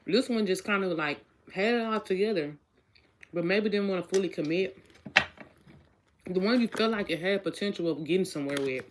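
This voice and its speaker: A woman's voice: mid-range voice, moderate pace, heavy background noise. A woman giving a casual tarot reading, chatty and repetitive, asking each question aloud and talking straight to her viewers. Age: adult with a child. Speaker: tarot reader.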